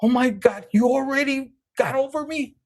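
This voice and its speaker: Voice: high voice, moderate pace, darkish tone, pitched above the performer's own voice. A tarot reader putting on the voice of a jealous, indignant male ex-partner who complains in an exaggerated, whiny way. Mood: jealous whine.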